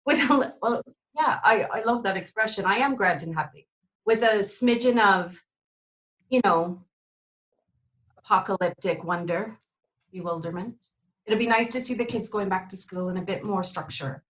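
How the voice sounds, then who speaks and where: Playful, bright-voiced woman co-host. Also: mid-range voice, normal speed, low-quality recording. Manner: expansive, playful, wry. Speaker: podcast co-host. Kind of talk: casual podcast chat.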